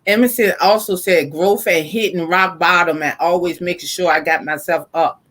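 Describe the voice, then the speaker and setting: A woman's voice: lowish voice, steady tone, normal speed, a bit bright. A middle-aged woman hosting a casual podcast chat and reading out listener comments, emphatic and prone to repeating words as she thinks. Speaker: podcast host.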